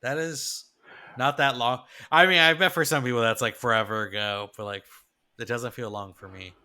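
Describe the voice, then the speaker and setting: A man's voice: medium pitch, fairly even intonation, moderate pace, sharp tone, clean tone. A man co-hosting a podcast, reacting and thinking aloud in casual chat. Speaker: podcast co-host.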